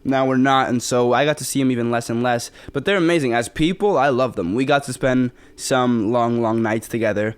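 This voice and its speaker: Rambling young man, smooth voice. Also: medium pitch, brisk, hardly any pauses. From the Bronx, New York. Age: 20s. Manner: relaxed, rambling, many fillers and restarts. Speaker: actor guest. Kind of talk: casual interview chat.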